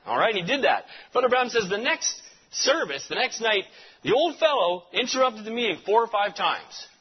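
Animated male preacher, high and breathy, storytelling style, muffled lo-fi sound. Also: fairly quick. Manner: animated storyteller, repeats amen. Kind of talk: sermon.

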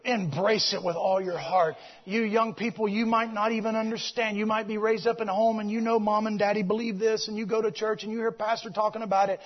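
A man preaching a sermon to his congregation, swinging between loud exclamations and quiet, low passages. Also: fast, few pauses. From United States. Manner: animated preaching, swings between shouting and hushed. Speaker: pastor. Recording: dull lo-fi recording.

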